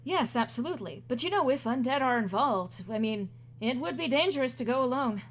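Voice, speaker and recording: A woman voicing a friendly young man in a tabletop game, relaxed and conversational. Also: high-pitched, brisk, slight background noise. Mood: agreeable.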